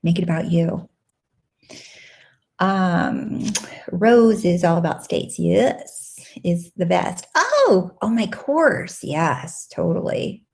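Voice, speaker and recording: A bubbly woman chats through a live-stream Q&A, with a slightly low speaking voice that jumps up into excited squeals. She talks in a casual, animated way, acting out her own inner dialogue. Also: takes it slowly, husky. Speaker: live Q&A host and coach.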